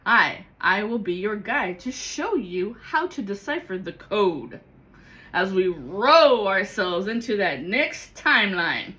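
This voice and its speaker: A woman giving a rambling, excitable spiritual vlog monologue as a card-reading guide, swearing freely. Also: mid-range voice, slow, slight background noise, rough recording.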